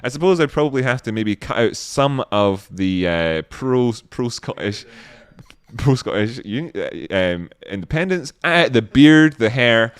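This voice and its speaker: A man's voice: mid-range voice, fairly bright tone, smooth, dry recording. Man, stream host, rambling jokey chat, resonant clean voice, dry close sound. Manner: rambling, joking, reads viewer comments aloud. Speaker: livestream host. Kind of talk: casual livestream chat.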